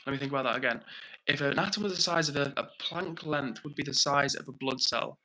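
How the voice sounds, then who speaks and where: A young British man hosting a livestream, chatting casually, reading out viewer comments and thanking people warmly. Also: medium pitch, quick pace, rough recording. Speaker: livestream host.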